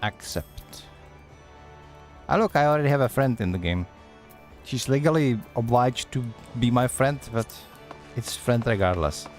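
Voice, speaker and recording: A man commentates casually on a live stream, chatty and sarcastic, quick to laugh at what he sees. His voice sits at a middle pitch. Faint game music runs quietly in the background. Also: animated.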